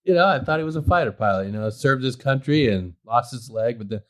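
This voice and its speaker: A man's voice: mid-range voice, animated, fast, a bit bright. Swearing, rambling male podcast co-host. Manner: rambling storyteller, swears a lot. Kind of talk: casual chat.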